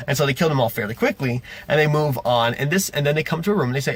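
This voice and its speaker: A man's voice: on the high side, fast, few pauses. A man game master recapping a tabletop session in a casual vlog, rambling and correcting himself as he goes. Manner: rambling, self-correcting, animated retellings.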